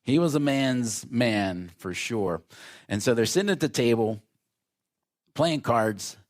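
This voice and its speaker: A male pastor preaches from the pulpit, spinning a family anecdote into a Bible lesson. His voice sits at an average pitch, and he breaks into the voices of the people in his story. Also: animated, takes it slowly. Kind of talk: sermon.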